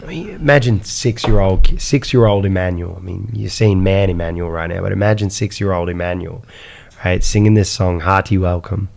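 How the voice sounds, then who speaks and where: A man telling his life story as a podcast guest, animated, with repeated words and rhetorical questions. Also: low voice, a little fast, creaky. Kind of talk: personal storytelling in a podcast interview.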